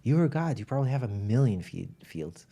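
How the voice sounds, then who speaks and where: A man's voice: mid-range voice, very animated, a little fast, vocal fry, mellow, husky, heavily acted. A man doing a humble, earnest farmer.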